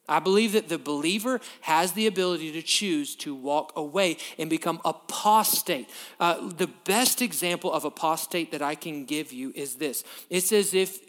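A man preaching a sermon, emphatic, swinging from quiet to loud and checking in with "okay?". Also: on the high side. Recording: long reverb of a large hall.

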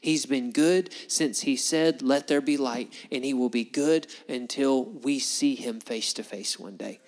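A man preaching a sermon to a congregation, conversational and animated, full of rhetorical questions. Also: medium pitch, unhurried, in a large hall. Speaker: pastor. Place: church hall before a congregation.

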